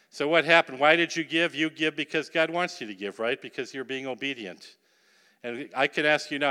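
A man's voice: mid-range voice, bright, forceful tone, long reverb tail. A man preaching a sermon, telling a story with acted-out dialogue and asking the congregation questions. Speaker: pastor.

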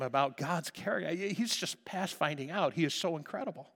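A man's voice: fairly high pitch, animated, fairly quick, hardly any pauses, slightly rough. Impassioned preacher man in a reverberant hall. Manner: impassioned, swinging between hushed and loud. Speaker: pastor. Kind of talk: sermon.

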